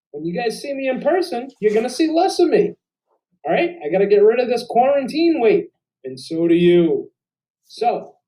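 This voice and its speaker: A man's voice: high voice, warm tone, low-quality recording. A man teaching an acting lesson to students on video, upbeat and playful as he coaches and performs a sample monologue.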